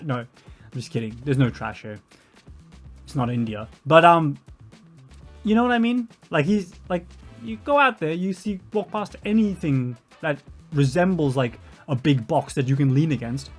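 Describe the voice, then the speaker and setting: A man's voice: on the high side, animated, normal speed, faint music behind. Sweary young australian man ranting. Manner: rambling, sweary, sarcastic. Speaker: commentary streamer. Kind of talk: casual reaction commentary.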